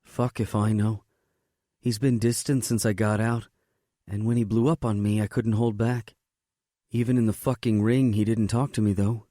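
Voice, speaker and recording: Brief: a man voicing a sarcastic tough biker woman, pitched up and blunt, dry studio sound. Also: little pitch movement, normal speed, dark tone, no echo, close to an everyday voice. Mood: sharp. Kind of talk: audiobook character voice.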